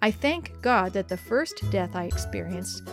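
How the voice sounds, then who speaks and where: A woman reading a first-person story aloud in an expressive, dramatic way, lifting her voice sharply for shouted lines. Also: mid-range voice, a little slow, faint music behind.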